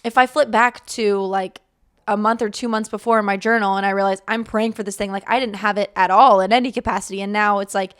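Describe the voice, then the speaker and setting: A young woman hosts a faith podcast, rambling casually with plenty of fillers and animating the thoughts she retells. Her medium-pitched voice is brisk, clear and resonant, with fairly even intonation.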